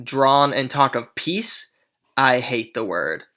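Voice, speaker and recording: A hotheaded young swordsman itching to fight, his lines raised in loud defiance, as a teacher reads him to the class. The reading stays close to an everyday voice. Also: medium pitch, animated, slow. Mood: hostile. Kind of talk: reading a play aloud.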